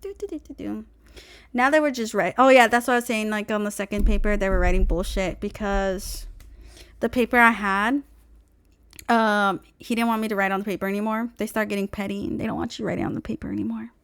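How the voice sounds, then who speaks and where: A young woman vlogger telling a story in an exasperated, profane, animated rant. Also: mid-range voice, quick pace, clear, resonant tone, no room sound, clean studio sound.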